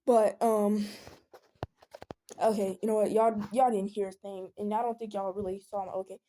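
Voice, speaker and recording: A woman's voice: medium pitch, steady tone, moderate pace, dark tone. A young woman venting in a casual storytime vlog, rambling with many fillers and restarts. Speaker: vlogger.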